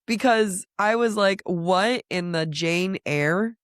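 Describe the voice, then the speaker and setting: A woman co-hosting a book podcast in casual chat, slightly raspy and stuffed up from a cold, playful and quick to laugh. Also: medium pitch, no echo, studio quality. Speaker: podcast co-host.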